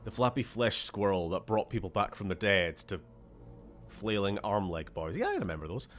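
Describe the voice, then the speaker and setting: A man's voice: fairly low pitch, sing-song, moderate pace, faint music behind. A man from Scotland giving casual gameplay commentary as a streamer, sarcastic and jokey, swearing freely.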